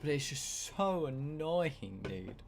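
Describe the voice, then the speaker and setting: A man's voice: a little high, very animated, slow pace, faint music behind. A young man, chatting casually and ranting with exasperation while he streams a game. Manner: ranting, exasperated, swears a lot. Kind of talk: casual chat while gaming.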